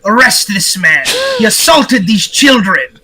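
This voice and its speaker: Brief: a man voicing a stern agent of the duke in a tabletop game, slow and commanding, with a high voice and crowd noise behind. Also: very animated. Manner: commanding, measured declarations.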